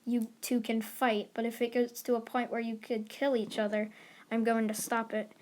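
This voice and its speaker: A woman voicing a stern, tired male hero teacher who talks in a flat, curt way. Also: a little high, moderate pace, natural voice.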